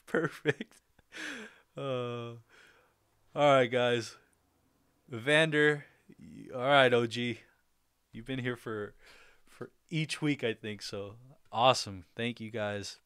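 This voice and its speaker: Upbeat young dude on a livestream shouting out chat, smooth voice, dry sound. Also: male voice, mid-range voice, steady tone, slow pace, pauses often, no room sound. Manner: upbeat, laughs often, shouts out viewers. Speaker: livestream host. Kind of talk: casual livestream chat, reading viewer comments.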